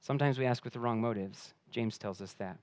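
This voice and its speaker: A pastor preaches a sermon earnestly and a little fast, his pitch and force rising for emphasis before dropping quiet. He often repeats words as he restarts, and there's no room sound.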